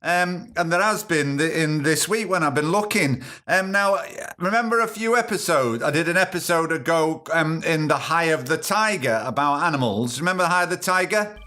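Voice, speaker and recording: A man hosting a comedy podcast. He talks in a chatty, wry way and wanders off into rambling asides. His voice is fairly high and bright. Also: normal speed, hardly any pauses. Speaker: podcast host.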